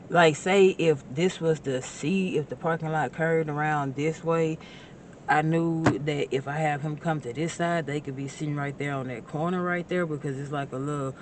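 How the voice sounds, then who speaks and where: A young woman telling a casual storytime, animated and swearing freely, with frequent laughter. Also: sits low, a little hiss or hum. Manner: animated, acts out voices in quotes, laughs and swears often.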